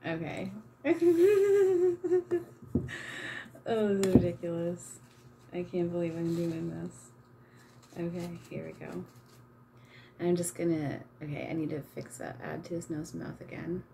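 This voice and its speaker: A woman's voice: on the low side, flat delivery, moderate pace, vocal fry, mellow, slight background noise. A woman chatting casually while she paints, self-mocking and embarrassed, giggling and swearing freely. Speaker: channeler and vlogger.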